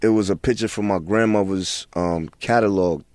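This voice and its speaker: A man's voice: low-pitched, moderate pace, a little mellow, dry recording, clean studio sound. A man in his forties, a guest in a casual interview, talking in a laid-back way with lots of filler phrases. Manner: laid-back, many "you know what I'm saying" fillers. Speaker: guest rapper.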